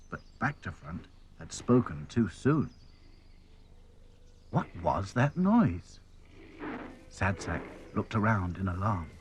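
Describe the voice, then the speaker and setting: Slow, lilting storybook narrator man. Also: low-pitched, big pitch swings, slightly rough. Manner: gentle, unhurried storytelling. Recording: music under the voice.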